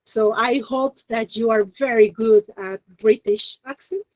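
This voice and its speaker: A woman's voice: on the high side, steady tone, a little slow, no echo, highs cut off. A woman teaching a beginner Japanese class, explaining step by step in a chatty way and laughing often. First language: Spanish. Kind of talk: classroom lesson.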